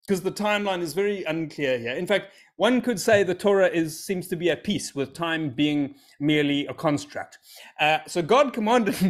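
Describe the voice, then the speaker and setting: A man's voice: fairly high pitch, fairly bright tone. A man, telling a scripture story as a comedy routine with self-amused, rambling asides. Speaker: comic storyteller.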